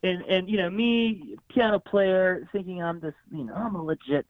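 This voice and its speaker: A high-pitched man speaking at a moderate pace, recorded dry over a tinny phone-like line. As a guest musician in a conversational interview, he rambles through stories, restarting often, leaning on fillers and voicing other people's lines.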